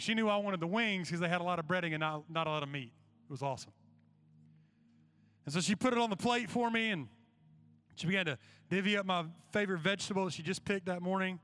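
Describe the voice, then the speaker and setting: A man's voice: fairly high pitch, fairly bright tone, clean tone. A young man preaching a sermon to students, telling a personal story and then making an urgent appeal. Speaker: youth preacher.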